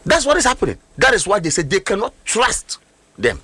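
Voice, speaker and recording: A man's voice: sits high, huge pitch swings, brisk, bright, forceful tone, husky, no room sound. A middle-aged man with a Ghanaian accent giving heated political commentary, emphatic and full of rhetorical questions. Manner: emphatic, rhetorical, switches between languages.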